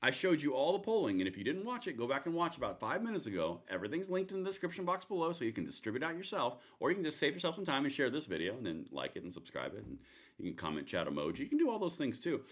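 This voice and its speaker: A man's voice: mid-range voice, huge pitch swings, very fast. A man hosting a live political commentary stream, talking in a rambling, sarcastic way with many restarts. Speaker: livestream host.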